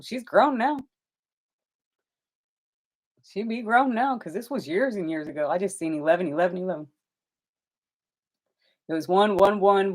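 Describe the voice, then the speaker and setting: Middle-aged woman telling rowdy stories. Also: lowish voice. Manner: animated, swears freely, acts out quoted people. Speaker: tarot reader hosting a live stream. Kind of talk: casual storytelling.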